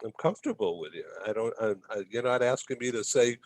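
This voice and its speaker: A man's voice: mid-range voice, fast talker, no room sound. A man from the Boston area, a guest telling a rambling story in a casual interview and tagging his lines with "okay?". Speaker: guest, magazine publisher.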